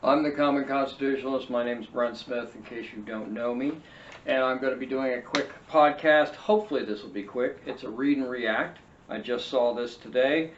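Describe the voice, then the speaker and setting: A man's voice: mid-range voice, moderate pace. A man hosts a read-and-react podcast, reading from an article and breaking off for sarcastic, mocking remarks. He sits well back from the microphone, so his voice comes across distant and roomy. The sound is dull and lo-fi, with a faint hiss underneath. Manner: sarcastic, mocking asides while reading aloud. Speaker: podcast host. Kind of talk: read-and-react political commentary.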